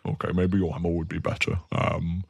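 A man putting on a tough, blunt orc woman speaks in a low, gruff drawl, a battle-hardened warrior in a tabletop game. The voice sits deep and dry, close to the mic. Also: level tone, brisk, darkish tone, no room sound, heavily acted. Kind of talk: tabletop role-play voicing.

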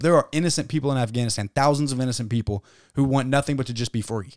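A man co-hosting a casual podcast chat, ranting heatedly and cursing freely. His voice sits at an ordinary middle pitch for a man. The sound is dry, with almost no room echo. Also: rapid-fire, darkish tone. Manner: heated, swears a lot, ranting. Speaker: podcast co-host.

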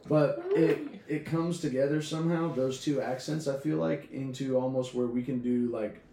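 A podcast co-host chatting casually, easygoing, asking questions and filling in with like and dude. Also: male voice, mid-range voice, steady tone, moderate pace, gravelly, warm tone. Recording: echoey room with faint noise.

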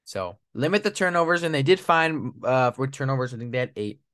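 A man's voice: mid-range voice, a little fast, clean tone, dry recording, studio quality. A man hosting a solo sports podcast, venting with frustration and repeating his points. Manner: frustrated, repetitive, animated complaining. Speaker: podcast host.

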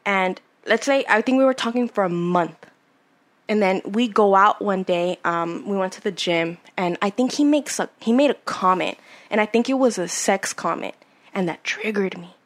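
A woman's voice: mid-range voice, normal speed. A young woman in her twenties chatting casually on a podcast, candid and rambling, swearing freely as she tells a personal story. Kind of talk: casual chat.

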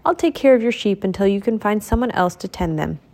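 A woman's voice: mid-range voice, animated, a little fast, a little mellow. A woman voicing a cheerful, kind young male mouse in a storybook reading, eager and friendly in a raised voice.

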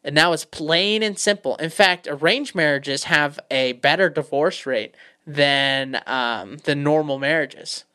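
A man's voice: on the high side, unhurried, sharp tone, clean tone. A man co-hosting a podcast in casual chat, rambling and swearing freely with many fillers. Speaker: podcast co-host.

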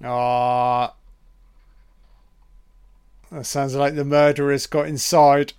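A man giving a casual, profane running commentary on a film, reacting loudly to what is on screen. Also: medium pitch, little pitch movement, slow pace, smooth.

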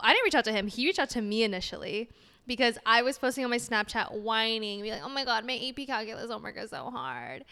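A woman's voice: on the high side, sharp tone, smooth, long reverb tail. A young woman co-hosting a podcast, chatting casually and acting out her own quotes as she tells a story. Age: young adult. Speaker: podcast co-host. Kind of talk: casual chat.

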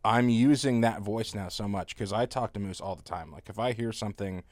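A man in his thirties chatting casually as a podcast co-host, an animated storyteller who laughs often. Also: lowish voice, fairly quick, dry recording, studio quality. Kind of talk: casual chat.

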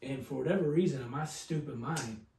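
A man co-hosting a podcast, telling a drunken story with heavy swearing and lively voice impressions. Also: mid-range voice, a little fast. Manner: profane, animated storyteller, mimics voices. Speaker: podcast co-host. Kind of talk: casual storytelling chat. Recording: roomy, distant mic.

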